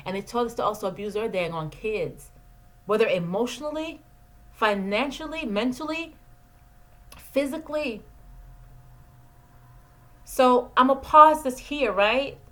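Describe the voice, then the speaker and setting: This is direct-to-camera advice from a Jamaican woman in her forties who works as a therapist. Her mid-range voice is a bit bright, the camera-mic audio is poor, and she speaks earnestly while repeating key phrases for emphasis.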